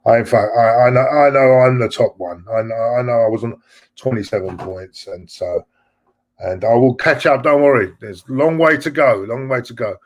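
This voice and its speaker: A middle-aged man hosts a fan channel live stream, reading viewer messages and chatting as he rambles and repeats himself. His voice is medium in pitch and moves at a moderate pace.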